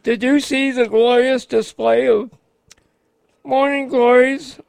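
A man co-hosting a radio show, talking casually in a slow, halting way with many pauses. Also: extremely high pitch, flat delivery, vocal fry, clear, resonant tone, no echo. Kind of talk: casual on-air chat.

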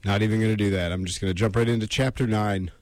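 A man's voice: on the low side, steady tone, fast, no room sound. An American man hosting a casual solo show, rambling with self-deprecating asides before reading a book aloud. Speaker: podcast host reading aloud.

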